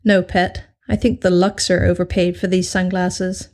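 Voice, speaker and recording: A woman's voice: on the low side, little pitch movement, normal speed, darkish tone, natural voice. A woman reading aloud and voicing a playful English man who teases his partner with drawling banter. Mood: teasing. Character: teasing, cheerful English man, flirty.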